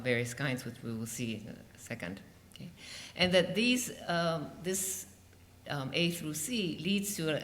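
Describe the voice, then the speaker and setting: A linguistics lecturer giving an academic conference talk, with many hesitations and frequent "okay?" checks, in a university lecture room. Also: mid-range voice. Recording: reverberant lecture hall.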